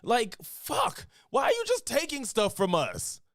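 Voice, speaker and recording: A man's voice: extremely high pitch, unhurried, gravelly, no room sound, studio quality. A man giving exasperated, slangy commentary while reacting to news on a stream. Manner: animated, exasperated ranting with slang.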